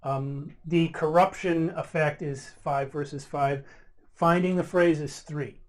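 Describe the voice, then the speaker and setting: A man running a tabletop role-playing game as game master, explaining rolls and rules in halting restarts. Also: fairly high pitch, fairly even intonation, slight background noise.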